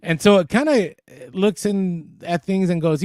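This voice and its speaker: A man co-hosts a relaxed podcast, reading comments from the chat and laughing easily. His voice is mellow and low in brightness, and it sits close to a dry studio mic. He gets animated when something catches his interest. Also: measured pace, no room sound. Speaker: podcast co-host. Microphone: podcast studio mic, too close at times.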